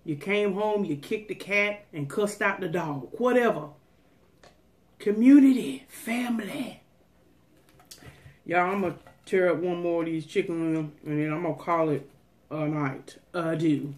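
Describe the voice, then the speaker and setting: A woman food vlogger with a lowish voice chats casually at normal speed during a mukbang. She's folksy and calls out to her viewers, now and then drifting into a preachy pep talk.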